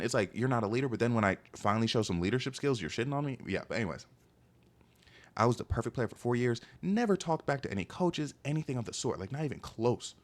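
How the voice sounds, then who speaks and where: A young man telling a long story in a casual monologue, animated and exasperated, full of "like" and "bro". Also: mid-range voice.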